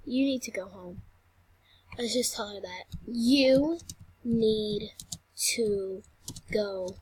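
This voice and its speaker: A woman's voice: mid-range voice, drawn-out words, darkish tone, breathy edge. A woman chatting through a game role-play, often dropping into whispered asides.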